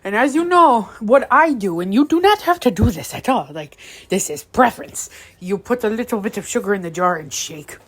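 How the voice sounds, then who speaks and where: A woman's voice: medium pitch, expressive, normal speed, a bit bright. Joking young woman cooking at home. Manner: joking, rambling, offhand. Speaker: home cook. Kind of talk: casual cooking vlog narration. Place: home kitchen.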